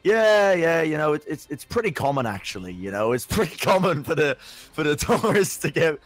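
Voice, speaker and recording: A young man telling a story in casual chat, animated and sweary, with lots of stumbling restarts. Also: a little high, brisk, soft background music. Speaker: podcast co-host.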